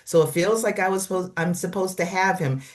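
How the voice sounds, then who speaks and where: An older woman with grandchildren sharing simple joys in a casual church group conversation, chatty with halting restarts. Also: lowish voice.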